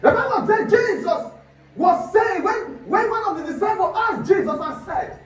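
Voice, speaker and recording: A pastor preaching a fervent sermon, shouting and repeating rhetorical questions. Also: male voice, extremely high pitch, expressive, normal speed. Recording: echoey hall from a distance.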